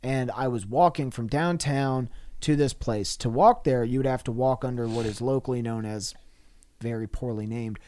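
A man in a casual podcast chat, telling a rowdy story with lots of swearing and laughter. His delivery swings from loud bursts to mumbled asides. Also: mid-range voice, normal speed. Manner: profane, laughing anecdotal delivery. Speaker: podcast co-host.

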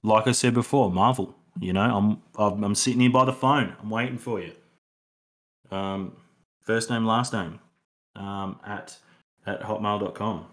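A man co-hosting a casual film review podcast. His voice sits on the low side, and he rambles, circling back with fillers and restarts as he talks. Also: unhurried, fairly bright tone. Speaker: podcast co-host.

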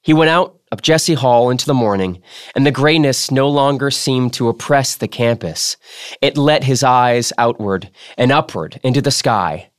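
A man with a middle-pitched voice hosting a reading podcast. He reads steadily, then chats in a loose, joking way. The sound is close and very dry, with no room behind it. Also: no echo. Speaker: podcast host. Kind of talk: reading aloud and casual chat.

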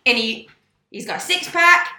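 Animated young woman telling a story. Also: high-pitched, normal speed, echoey room. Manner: animated, swears, acts out quoted voices. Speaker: guest. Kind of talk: casual storytelling chat.

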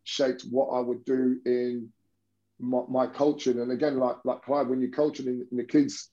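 A man's voice: mid-range voice, flat delivery, moderate pace, warm tone, lo-fi sound. A man, a basketball coach telling stories in an interview, rambling with many restarts. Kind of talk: conversational interview storytelling.

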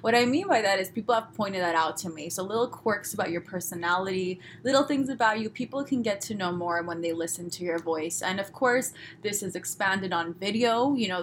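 Fast-talking Southern California woman podcaster. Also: mid-range voice, slight background noise. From Los Angeles, USA. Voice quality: fast-talking, crisp pronunciation. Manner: chatty, upbeat, many fillers. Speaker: podcast host. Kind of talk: solo podcast monologue. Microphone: podcast microphone.

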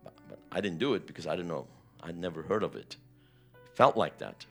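A man's voice: deep voice, very animated, fairly quick, creaky, soft background music. A man preaching a sermon, retelling a personal testimony with vivid, emotional storytelling. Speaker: pastor.

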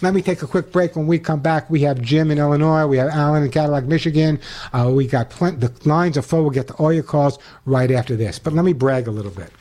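A man's voice: fairly high pitch, warm tone, soft background music. Older man hosting call-in pet radio. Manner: chatty, repeats phone numbers slowly and plainly. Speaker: radio pet show host. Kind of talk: call-in radio talk and on-air product pitch.

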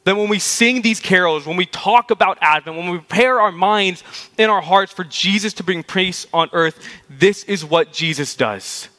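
A man's voice: high voice, moderate pace, bright, forceful tone. A man preaching a sermon in a casual, storytelling way, often saying "like".

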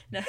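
A woman's voice: sits high, mellow, slightly rough, no room sound. A woman hosting a solo podcast, rambling and joking about herself with lots of fillers. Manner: rambling, joking and self-mocking; chatty with many fillers. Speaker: podcast host. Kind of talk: casual solo podcast chat.

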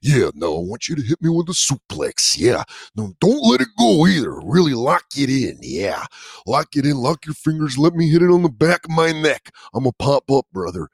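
A man's voice: mid-range voice, wildly swooping pitch, vocal fry, slightly rough, no room sound, clean studio sound, voice pushed up, full character voice. A man putting on the voice of a hyped-up pro wrestler who growls "yeah" between lines. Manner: growled hype with drawn-out "yeah". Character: gravelly pro wrestler impression, male, hyped.

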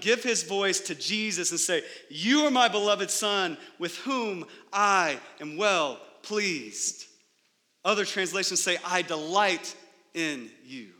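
A man's voice: on the high side, sharp tone, long reverb tail. A man preaching a sermon as pastor in a church sanctuary, emphatic and full of rhetorical questions.

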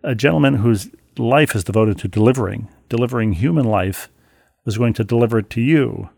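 A man co-hosting a podcast, reading listener mail aloud and then telling a story in a wry, animated way, with frequent restarts, on a close studio mic. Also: medium pitch, fairly quick, gravelly, husky, no room sound. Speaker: podcast co-host.

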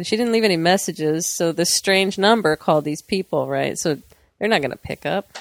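A woman's voice: lowish voice, moderate pace, gravelly, no room sound, studio quality. A woman co-hosting a podcast, casually telling a neighbor story, laughing often and acting out the voices of people she quotes. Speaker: podcast co-host.

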